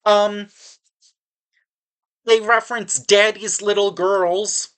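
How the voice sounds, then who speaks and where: A woman's voice: medium pitch, fairly even intonation, takes it slowly, clean tone. A woman giving a casual spoken movie review, sarcastic and exasperated, rambling with frequent restarts.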